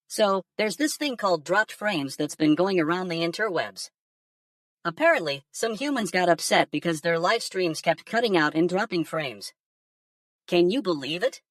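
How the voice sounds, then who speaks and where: A woman's voice: fairly low pitch, no echo, studio quality, distant mic, close to an everyday voice. A woman voicing a laid-back male alien pundit who curses and mocks humans in synthetic news commentary. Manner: cursing, mocking, stoner-casual.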